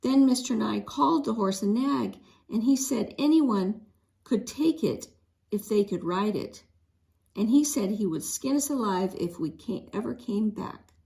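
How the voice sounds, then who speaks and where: A woman reading a children's book chapter aloud, expressive, with a few small slips. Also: medium pitch, unhurried, gravelly. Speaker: read-aloud narrator. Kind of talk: storybook read-aloud.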